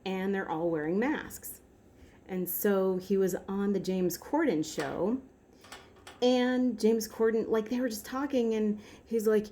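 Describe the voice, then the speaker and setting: A woman's voice: medium pitch, unhurried, warm tone. A woman vlogger chatting casually and rambling, with frequent "like" and "um.". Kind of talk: casual chat.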